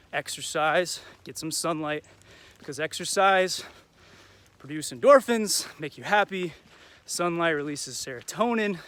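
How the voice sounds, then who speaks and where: A man's voice: a little high, fairly bright tone. Upbeat young man vlogging on a walk. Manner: upbeat, encouraging, drops in Spanish phrases. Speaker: vlog host. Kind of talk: casual motivational vlog talk. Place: outdoors in a neighborhood, walking and biking.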